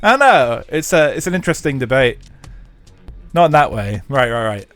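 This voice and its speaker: With a medium, sing-song voice that's fairly bright, a young man chats casually with viewers as he streams a racing game live. He goes at a moderate pace, rambling and swearing with lots of fillers, faint music behind him.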